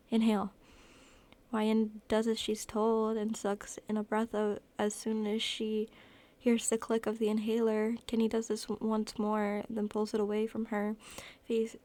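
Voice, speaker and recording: Flat, gravelly woman reading a story. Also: a little high. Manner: even storytelling with frequent self-corrections. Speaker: narrator. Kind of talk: reading fan fiction aloud.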